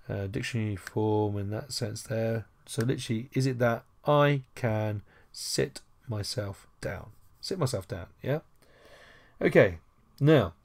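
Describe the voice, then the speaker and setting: A man's voice: mid-range voice, a little mellow. A man teaching a screen-recorded language lesson, chatty with jokey asides and a playfully formal manner.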